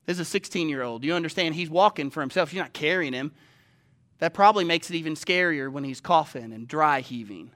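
A male preacher with a high, bright voice who talks with his congregation and keeps asking whether they follow him. He swings from loud, pressing urgency to slow, hushed scripture reading. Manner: conversational, asks the listeners questions. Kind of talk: sermon.

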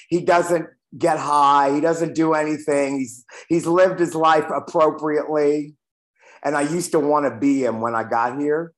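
Candid older man sharing in a meeting. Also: a little high. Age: 60s. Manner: candid, profane, self-deprecating. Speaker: recovery meeting member sharing. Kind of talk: reading aloud and personal sharing.

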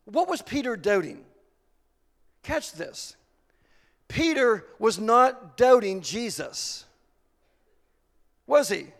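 A man with a very high voice preaches a sermon, slowing down to stress key points and then building to real fervor. His words ring out with a long reverb, as in a church sanctuary. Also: very animated, a bit bright. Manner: earnest preaching, slowing for emphasis, rising to fervor. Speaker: pastor.

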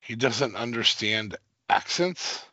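Slow-talking joking podcast man. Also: medium pitch, animated, pushed and bright, no room sound, dull audio. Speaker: podcast co-host. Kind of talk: casual wrestling chat.

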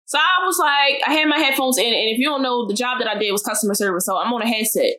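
A young woman from West Africa, telling a story in blunt, profane, animated casual chat as a podcast co-host. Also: on the high side, fast talker.

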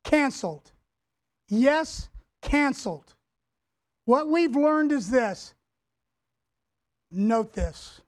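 A man's voice: very high-pitched, expressive, very slow, long pauses, darkish tone. A male pastor preaching a sermon, emphatic, repeating key words and having the congregation say them back. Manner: addresses the congregation directly.

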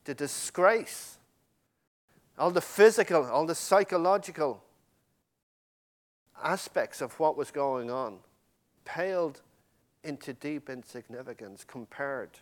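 A man preaching a sermon with passion, swinging from loud emphasis to hushed, near-whispered lines and addressing the congregation directly. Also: on the high side, lively intonation, slow, pauses often.

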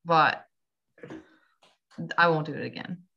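A woman's voice: sits low, slow, creaky, bright, forceful tone, muffled recording. A woman co-hosting a casual podcast, mostly answering in short, supportive agreement. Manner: supportive, brief agreeing replies.

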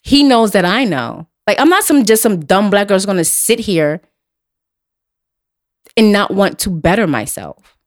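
A woman's voice: mid-range voice, very animated, a little slow, long pauses. Blunt, emphatic woman host. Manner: blunt, emphatic, profane, repeats herself. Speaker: podcast host. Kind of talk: casual chat.

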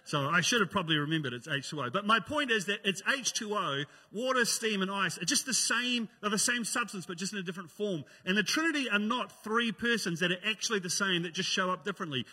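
A man's voice: high-pitched, sharp tone, big-room sound. A man preaching a sermon in a joking, conversational way. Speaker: pastor.

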